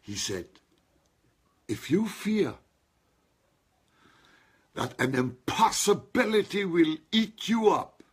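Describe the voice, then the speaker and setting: A male preacher delivering a sermon at a very unhurried pace, leaning hard on single words and calling his listeners to answer. His voice is husky, and his pitch leaps high and drops low. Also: sing-song. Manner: emphatic, calls on listeners to respond; stretches and stresses single words.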